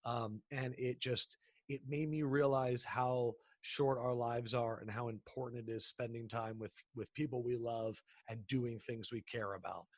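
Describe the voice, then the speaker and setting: A man in his thirties, recorded close and dry, talks in a mid-range voice. He tells casual stories as an interview guest, animated and quick to act out other people's lines, often restarting his sentences. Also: medium pitch, dry recording. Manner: animated, acts out quoted people, frequent restarts. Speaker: sports broadcaster, interview guest.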